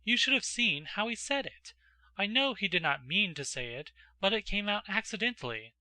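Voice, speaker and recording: A man voicing an excited, indignant teenage noble girl in a classic audiobook, pleading and breathless. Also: high voice, moderate pace, dry recording, voice pushed up, full character voice. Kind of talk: audiobook character voice.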